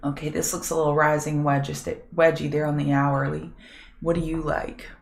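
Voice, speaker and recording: A woman's voice: low voice, little pitch movement, moderate pace, creaky. A middle-aged woman hosting a live market prep show, chatting with viewers and thinking aloud over charts, her voice a bit scratchy. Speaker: trading show host.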